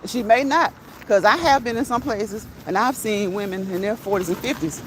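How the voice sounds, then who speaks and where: Animated woman telling stories on a walk. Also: mid-range voice, normal speed, a little hiss or hum, low-quality recording. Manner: animated, laughs often, addresses viewers as y'all; reads live chat comments aloud. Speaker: vlogger. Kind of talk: casual storytelling while walking. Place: outdoors on a walk.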